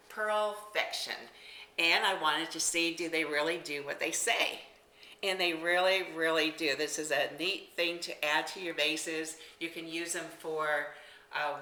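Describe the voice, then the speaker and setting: A woman's voice: lowish voice, distant mic, noisy background. A woman casually demonstrating decorating crafts, chatty and enthusiastic, exclaiming as she works. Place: indoor room. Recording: echoey room, somewhat off-mic.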